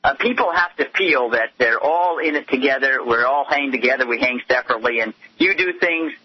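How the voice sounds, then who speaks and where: Husky guy calling into a radio show, fired up and indignant, dull phone line sound. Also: medium pitch, fairly quick, dry recording. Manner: impassioned, indignant argument. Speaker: guest commentator. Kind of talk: talk radio interview.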